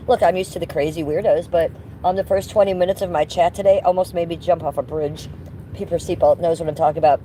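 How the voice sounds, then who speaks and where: Woman streamer, low-ish voice, casual rambling chat to viewers, occasional smoker's cough, phone mic outdoors, faint traffic behind. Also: warm tone. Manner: chatty, rambling, talks to her chat by name. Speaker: live streamer. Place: outdoors, walking around.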